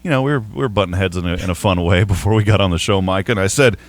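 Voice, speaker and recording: A man's voice: sits low, very fast, no echo. A man with a Southern accent, hosting a sports radio show in a chatty, rambling way with playful ribbing. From Texas. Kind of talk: casual sports talk.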